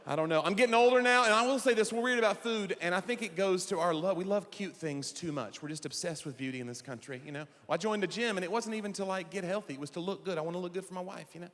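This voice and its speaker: A man's voice: sits high, quick pace, few pauses, big-room sound. A man in his forties doing stand-up comedy, acting out quoted voices as he talks. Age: 40s. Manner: animated, acts out quoted voices.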